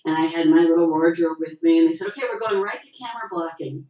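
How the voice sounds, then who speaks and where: A woman's voice: fast talker, a crowd in the background. A middle-aged woman, an actress, telling stories in a casual interview over a video call, acting out quotes with a lifted voice. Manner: animated storyteller, acts out quotes with rising pitch. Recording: dull, roomy video call audio.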